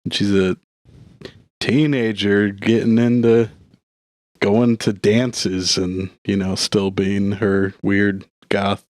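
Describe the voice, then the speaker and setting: Slow, hesitant man with a low voice. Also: level tone, dry recording. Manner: hesitant, many fillers. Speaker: podcast guest. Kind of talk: casual chat.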